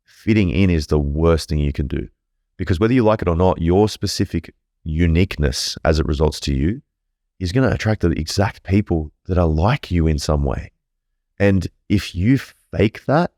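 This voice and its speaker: Male guest, very low voice, candid and foul-mouthed, dry close-mic sound. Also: normal speed, darkish tone, no room sound. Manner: swears freely, rambling and candid. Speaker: podcast guest. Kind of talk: casual storytelling.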